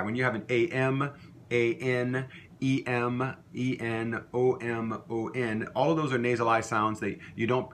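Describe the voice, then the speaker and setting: Man teaching words slowly. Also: medium pitch, fairly bright tone, a little hiss or hum. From Louisiana. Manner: repeats words slowly for learners to copy. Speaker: language teacher. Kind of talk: recorded language lesson.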